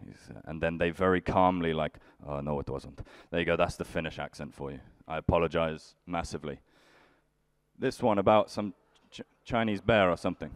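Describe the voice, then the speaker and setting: A young man working a crowd in a live stand-up set. He sounds grumpy and dry, with a fairly low voice that comes across smooth and clear. The sound is close and dead. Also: brisk, no room sound. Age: young adult. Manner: dry, grumpy, bantering with the audience. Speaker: stand-up comedian.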